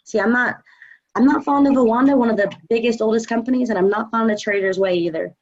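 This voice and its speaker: A woman's voice: fairly high pitch, quick pace, darkish tone, highs cut off. Confident, chatty woman coaching live. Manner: confident, chatty, many fillers. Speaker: trading coach. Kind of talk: casual live Q&A chat.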